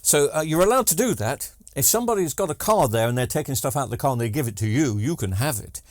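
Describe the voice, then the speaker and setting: A man's voice: mid-range voice, expressive, fast talker, no echo, studio quality. A man, rambling casually through a TV repair vlog with joking asides and lots of ums. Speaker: TV repair vlogger. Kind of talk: casual chatty workshop vlog.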